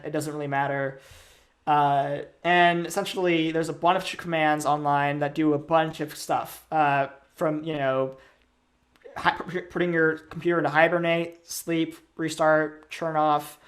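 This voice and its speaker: A young man giving a casual game-development workshop, rambling with lots of fillers and little chuckles. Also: on the high side. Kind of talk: casual technical talk.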